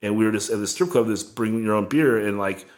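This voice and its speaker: A man's voice: on the low side, a little fast. Rambling man telling a road story. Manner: rambling storyteller, heavy "like" filler. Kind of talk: casual podcast chat.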